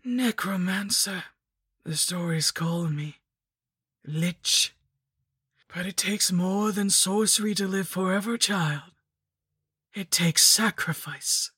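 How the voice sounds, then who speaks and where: A woman voicing a rotting, ancient female lich in a whispered role-play, with a slow, mocking, wheezing whisper. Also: on the low side, bright, forceful tone, slightly rough, no echo, studio quality, voice pushed up, exaggerated voice. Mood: menacing. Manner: slow, sing-song and mocking.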